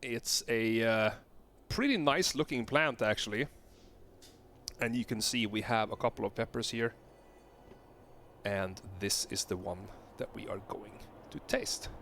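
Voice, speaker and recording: A man tasting a hot pepper on camera and talking it through casually, halting with lots of fillers and restarts. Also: fairly low pitch, a bit bright, a little hiss or hum. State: gasping and coughing from pepper heat. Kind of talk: casual vlog commentary.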